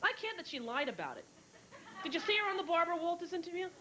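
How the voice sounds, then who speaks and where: A woman in her thirties performing a brash, fast-moving stand-up comedy set, acting out other people's lines, with an audience laughing. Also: very high voice, very animated, sharp tone, low-quality recording. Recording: old VHS tape with hiss.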